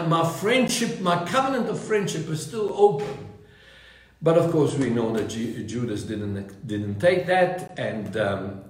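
A man preaching a sermon in a fervent, restless way, often repeating words and restarting his phrases. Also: a little high. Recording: very echoey room.

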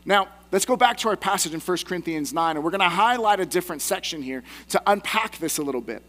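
A man's voice: high voice, animated, quick pace, a bit bright. A man in his thirties, a pastor preaching a sermon in a conversational, self-deprecating way with personal asides.

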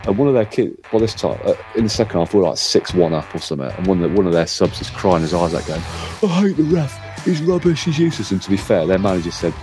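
A middle-aged man telling a lively story in casual chat, acting out what others said. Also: deep voice, rapid-fire, few pauses, faint music behind. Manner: animated storyteller, acts out quotes. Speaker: co-host.

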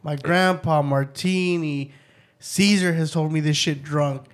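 A man's voice: fairly high pitch, fairly even intonation, unhurried. A young man in casual chat who swears and keeps cutting in with wisecracks. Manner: joking, profane, cuts in with wisecracks.

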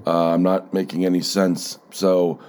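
Male solo podcaster, low-ish voice, rambling and sardonic, swears freely, slightly stuffy nose. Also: level tone, a little slow, darkish tone, smooth. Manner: rambling, profane, sardonic storytelling with many fillers. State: stuffy, keeps blowing his nose. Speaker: podcast host.

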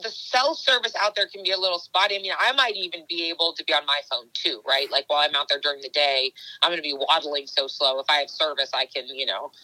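A woman's voice: deep voice, steady tone, quick pace, hardly any pauses, pushed and bright, no room sound, poor audio. A woman obstacle racer chatting casually in an interview, rambling with many fillers and restarts. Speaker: obstacle race athlete.

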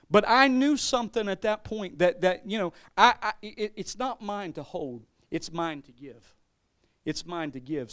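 Conversational pastor preaching a testimony sermon. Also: male voice, high-pitched. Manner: conversational, repeats words, laughs, acts out quotes.

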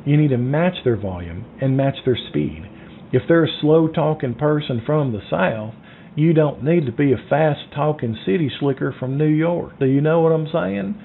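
Energetic man coaching over a tinny line. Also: moderate pace, gravelly, slight background noise. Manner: animated, acts out phone calls, drops to a low voice. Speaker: sales trainer. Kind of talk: sales coaching talk. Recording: tinny phone-like sound.

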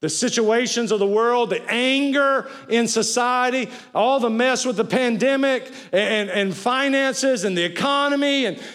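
A male pastor preaching a sermon to a church congregation, urging them to repeat his words, and swinging from loud cries to quiet lines. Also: very high-pitched, a little slow, few pauses. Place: church sanctuary with an audience, also streamed.

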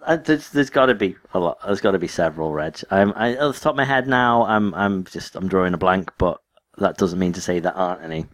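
A man's voice: low-pitched, fairly quick, few pauses, no room sound. A man co-hosting a casual podcast chat, talking with dry, wry humour. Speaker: podcast co-host.

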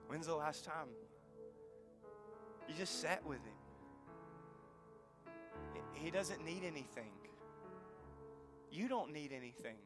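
A man in his thirties preaching a sermon in a church, telling family stories and dropping to a soft hush for emphasis. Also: a little high, animated, takes it slowly, long pauses, over music. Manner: storytelling, drops to soft near-whisper for emphasis. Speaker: pastor. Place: church sanctuary.

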